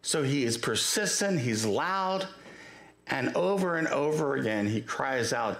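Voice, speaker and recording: Male pastor, storytelling sermon, raspy-gravelly, roomy church live stream. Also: mid-range voice, lively intonation, measured pace, fairly bright tone. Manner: storytelling, acts out the cries, jokes with the congregation. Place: church sanctuary.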